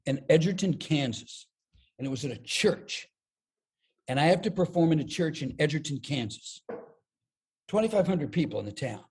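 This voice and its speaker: Older man, mellow, animated storyteller. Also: on the high side. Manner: lively, self-deprecating storyteller who acts out quotes. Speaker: podcast guest, comedian and speaker. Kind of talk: storytelling an anecdote.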